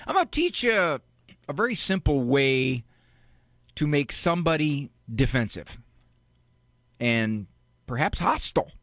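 Gravelly, animated male radio advice host. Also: fairly high pitch, no echo, clean studio sound. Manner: deliberate, fires off rhetorical questions. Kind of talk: call-in radio talk, teaching monologue.

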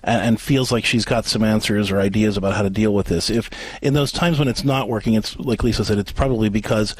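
A man co-hosting a call-in advice show, coaching a caller step by step and acting out gentle example phrases. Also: fairly low pitch, steady tone, fairly quick, breathy edge, dry recording. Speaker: radio advice host.

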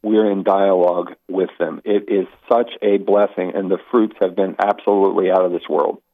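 This low-pitched man speaks at normal speed as a guest on a radio interview, phoning in over a tinny line. A Catholic apologist, he's an animated storyteller who keeps restarting and wandering into asides.

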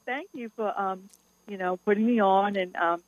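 A woman's voice: medium pitch, normal speed, no echo. A woman from New Orleans calling in to a radio show, grateful and gushing. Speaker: caller. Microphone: telephone. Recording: tinny phone line.

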